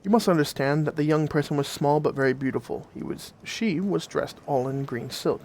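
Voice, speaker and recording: A man narrating old folk tales in a gentle, old-fashioned fireside storytelling manner. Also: a little high, a little fast, creaky, a little hiss or hum.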